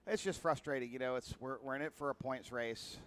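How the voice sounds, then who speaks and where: A man's voice: medium pitch, fairly quick, a bit bright, a little hiss or hum. A man who races karts, chatting casually in an interview and trailing through fillers and restarts. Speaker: kart racer guest.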